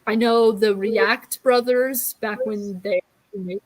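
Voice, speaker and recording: A woman's voice: on the high side, fairly even intonation, slow pace, dry recording, rough recording. A woman in her early twenties chatting casually about books, blunt and wry in her opinions. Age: 20s. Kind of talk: casual chat.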